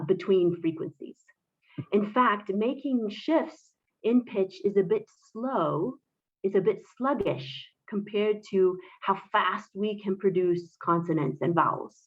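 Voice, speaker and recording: A woman presenting a recorded academic conference talk, explaining step by step in a measured way with frequent filler sounds. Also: lowish voice, lo-fi sound.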